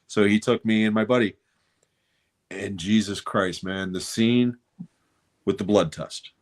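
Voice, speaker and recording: Middle-aged guy telling a story on a podcast, low-ish voice, swears a lot, really animated. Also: unhurried. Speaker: podcast co-host. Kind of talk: casual chat, storytelling.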